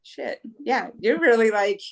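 A woman from the United States recounts a long race in relaxed conversation, her voice sitting at an ordinary middle pitch. She laughs easily and keeps dropping in "like" and "right?" as she talks. She slips into quoting her own thoughts as she tells it. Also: unhurried. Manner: chatty, laughs often, acts out her own inner voice; frequent fillers like "like" and "right?". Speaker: guest, ultra-runner. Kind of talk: casual storytelling.

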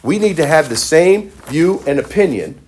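A man's voice: fairly high pitch, sing-song, normal speed, darkish tone, slight background noise. A male pastor preaching a sermon emphatically, with repeated phrases and frequent restarts.

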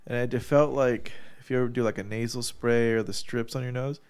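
A man's voice: mid-range voice, fairly even intonation, fairly quick, a little mellow, smooth. A man chatting casually on a podcast, swearing freely and laughing as he tells a story, with a congested nose after surgery. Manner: profane, storytelling, laughs often. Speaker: podcast co-host. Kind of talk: casual chat.

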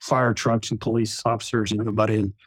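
A man, a retired general, telling a long anecdote with frequent chuckles in a relaxed podcast chat. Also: on the low side, fast, no room sound. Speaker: retired general, former wing commander.

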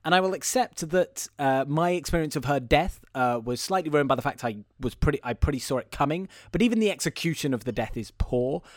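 A man's voice: on the high side, lively intonation, fairly quick, hardly any pauses, dry recording, studio quality. A man hosting a casual podcast, chatting animatedly about a film plot with self-deprecating asides. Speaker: podcast host and editor. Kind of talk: casual film review chat.

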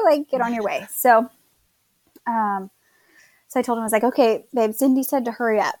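A woman's voice: fairly high pitch, steady tone, brisk, darkish tone, no echo. A young woman casually telling her birth story, chatty, quoting others and laughing at herself.

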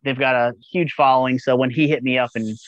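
A man in a casual podcast chat who rambles eagerly and swears freely. His voice sits at an ordinary middle pitch. The sound is dry and close but a little dull and lo-fi. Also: fairly even intonation, quick pace, no echo. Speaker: podcast guest.

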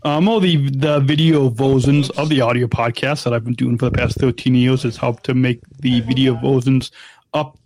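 A man co-hosting a podcast, playful and teasing, talking fast with lots of restarts. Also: medium pitch, dry recording. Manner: energetic, talkative. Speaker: podcast co-host. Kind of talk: casual chat and ad reads.

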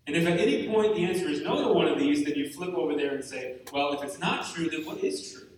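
Talking fast in a fairly high voice, a retreat speaker gives a frank, humorous, self-deprecating talk to an audience in a big room. The echoey hall recording was made from a distance, with slight background noise.

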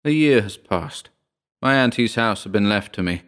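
A man reading a first-person horror short story aloud in a measured, somber storytelling manner. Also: lowish voice, expressive, a bit bright. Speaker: audiobook narrator. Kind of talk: scripted horror story narration.

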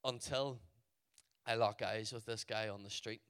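A man with a Northern Irish accent tells a story to young listeners. His voice is forceful and crisp. He talks in an animated, chatty way and keeps dropping in "like". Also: fairly low pitch, measured pace. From Northern Ireland. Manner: animated storyteller, full of "like" fillers. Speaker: youth event speaker. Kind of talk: storytelling talk to a youth audience.

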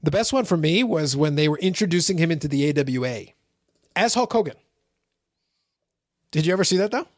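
A male podcast host chats in a casual, teasing way. His voice is lively and swoops around, sitting a little high. The sound is dry and close to the mic. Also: a little fast, long pauses, no room sound. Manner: animated, playful, teasing. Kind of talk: casual chat.

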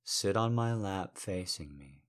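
A man playing a slow, teasing seducer. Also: animated. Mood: sultry teasing. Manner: slow, low, murmured and teasing. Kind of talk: intimate audio role-play.

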